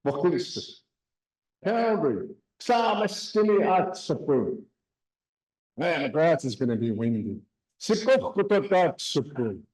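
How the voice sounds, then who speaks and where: A man teaching a classroom language lesson. He speaks slowly, drills words and has the class repeat them. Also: a little high, big pitch swings, darkish tone, echoey room, rough recording. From Canada.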